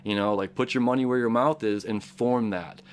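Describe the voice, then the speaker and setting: A man's voice: medium pitch, fairly even intonation, normal speed. A man hosting a casual daily horoscope talk, earnest and encouraging, rambling with frequent restarts and repeated words. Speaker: astrology show host.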